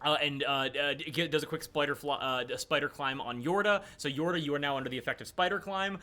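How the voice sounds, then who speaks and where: Young guy game master narrating a tabletop game, bright sharp voice, kinda high, lots of uhs. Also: fast, faint music behind. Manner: many fillers and restarts, animated narration.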